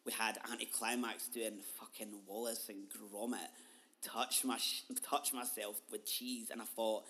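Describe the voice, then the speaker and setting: A person in their twenties, hosting a podcast and telling a personal story with candid emotion, swinging between quiet and loud and swearing freely. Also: mid-range voice, little pitch movement, measured pace. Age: 20s. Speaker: podcast host.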